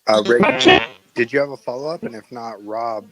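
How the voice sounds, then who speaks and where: A man moderating a live online audio room, briskly handing the floor to speakers. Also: mid-range voice, steady tone, a crowd in the background, low-quality recording.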